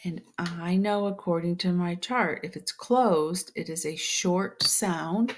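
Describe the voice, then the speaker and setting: A woman teaching a phonics lesson step by step, patient and slow, often dropping to a whisper. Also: lowish voice.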